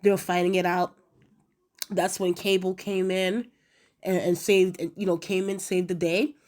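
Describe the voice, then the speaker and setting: A woman in a casual episode review, chatty and animated, acting out quotes with lots of fillers. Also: fairly low pitch, normal speed. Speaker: video reviewer.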